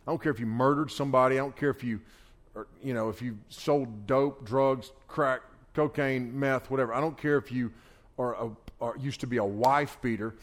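A man preaching a sermon at a marriage conference, conversational, swinging between loud emphasis and quiet asides. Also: medium pitch. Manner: conversational preaching with loud bursts and soft drops. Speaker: pastor.

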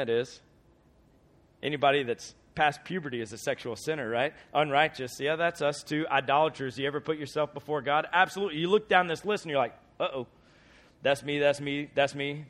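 A man in his thirties preaching a sermon, telling a story with acted-out voices and shouted peaks. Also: on the high side. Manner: animated storyteller, acts out voices, shouts at climaxes.

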